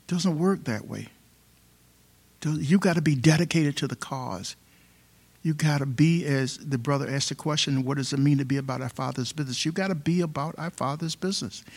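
A man preaching a sermon, emphatic and fond of repeating rhetorical questions. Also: fairly high pitch.

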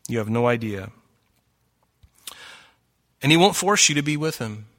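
A man's voice: medium pitch, expressive, measured pace, a bit bright. A middle-aged man preaching a sermon, earnest and pleading, his voice rising for emphasis.

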